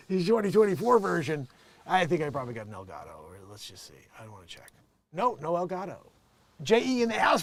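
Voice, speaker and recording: A man hosting his own talk video in a loose, rambling manner. His voice sits a bit high, and he laughs often and slips into put-on voices for the people he quotes. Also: very animated, a little fast. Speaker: video host. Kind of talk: casual political commentary.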